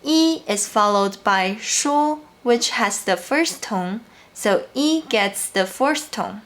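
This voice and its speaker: A woman teaching a language lesson, explaining each rule carefully and repeating example words slowly. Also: medium pitch, animated, a bit bright. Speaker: Mandarin teacher. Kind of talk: slow, clear language lesson narration.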